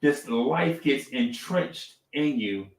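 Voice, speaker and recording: Animated middle-aged man, echoey room. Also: medium pitch, takes it slowly. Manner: animated storytelling, repeats phrases, says "right?" often. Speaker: podcast co-host. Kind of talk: casual live-stream talk.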